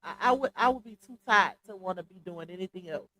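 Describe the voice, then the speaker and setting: A woman's voice: fairly low pitch, fast, sharp tone, no echo, poor audio. A congested woman hosting a casual live stream, talking straight to her viewers through earphones. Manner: chatty, addresses viewers as y'all. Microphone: earphones with mic.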